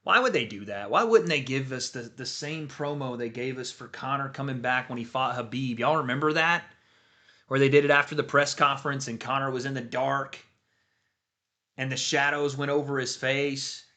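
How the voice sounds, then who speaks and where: A man hosting a livestream watch party, chatting casually and excitably, swearing freely as he reacts. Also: mid-range voice, normal speed. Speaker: livestream host.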